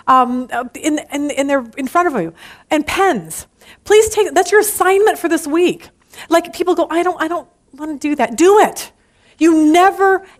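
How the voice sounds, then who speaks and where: A woman leading a church Bible study class, talking earnestly and emphatically, often restarting her sentences. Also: high-pitched.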